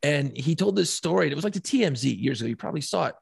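A man co-hosting a podcast, a lively storyteller who laughs often and swears freely in casual chat. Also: a little high, very fast, creaky, husky, no room sound, clean studio sound. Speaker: podcast co-host.

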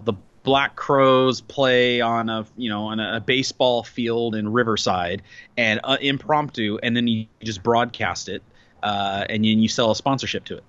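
A man's voice: medium pitch, fairly bright tone, no echo. A man in his thirties chats loosely on a podcast, piling up fillers and jokes as he rambles. His voice sits in the middle range. The recording is dry and a little dull, like lo-fi. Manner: rambling, filler-heavy, joking. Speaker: podcast co-host. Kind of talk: casual chat. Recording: dry, slightly dull lo-fi sound.

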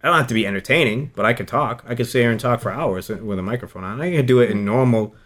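A man in his thirties, a radio host who co-hosts a podcast, chats casually in a rambling, emotional way, often restarting his sentences. His voice is medium-pitched, quick, and a bit bright.

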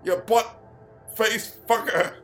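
A crude, scheming old rich father, voiced by a man who rants and gloats in a comedic audio drama. The voice sits high, and music plays clearly behind it. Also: fairly even intonation, extremely slow, a bit bright, exaggerated voice, low-quality recording. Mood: gloating. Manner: vulgar, ranting, gleefully villainous.

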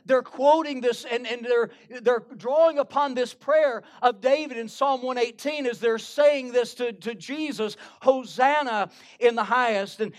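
High-voiced male preacher quoting scripture. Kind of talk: sermon.

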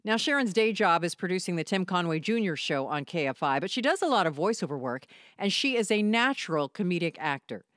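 A woman introducing a segment of her comedy podcast. Her voice is on the low side but moves a lot in pitch. The recording is dry and close. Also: fairly bright tone, no room sound. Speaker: podcast producer and writer.

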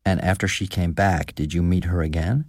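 A man's voice: deep voice, fairly even intonation, normal speed, darkish tone, no echo, clean studio sound. Man voicing a nervous, probing village deacon. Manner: careful, probing questions. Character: nervous, thin-voiced old village deacon. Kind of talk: audiobook character reading.

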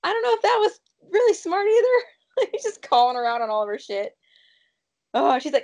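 Animated woman recapping a show. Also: high voice, moderate pace. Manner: animated, laughing, acts out characters' lines. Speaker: podcast co-host recapping a TV episode. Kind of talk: casual chat.

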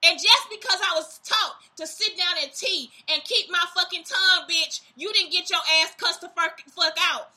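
A woman's voice: extremely high pitch, normal speed, few pauses, pushed and bright. A young adult woman hosting her own show, delivering a heated, profane, accusatory rant. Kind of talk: profane ranting monologue.

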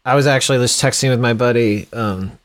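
A man's voice: medium pitch, fairly quick. A man rambling in casual podcast chat as a guest, full of fillers and restarts. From Milwaukee. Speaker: podcast guest, band musician.

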